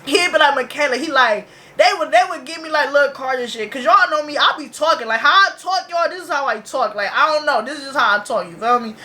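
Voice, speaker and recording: High, bright-voiced young woman ranting casually. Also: quick pace, hardly any pauses. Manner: loose, profane slang-heavy storytelling. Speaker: reaction video host. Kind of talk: casual reaction vlog.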